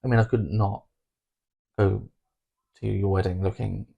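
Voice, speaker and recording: A man chatting on a podcast, expressive and gushing. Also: fairly low pitch, measured pace, gravelly, husky. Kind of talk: casual chat.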